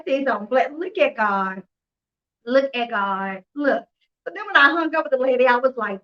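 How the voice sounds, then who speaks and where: A woman hosting a couponing live stream, telling a story in a chatty, animated way, acting out the dialogue and laughing often. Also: high voice, moderate pace, highs cut off. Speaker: couponing livestream host. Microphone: phone or computer mic on a live stream.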